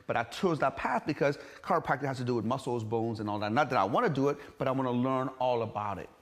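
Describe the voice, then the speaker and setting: In an interview, a middle-aged gym entrepreneur from Iran speaks quickly in a mid-range voice. Recounting his story bluntly and with emphasis, he curses and performs quoted voices.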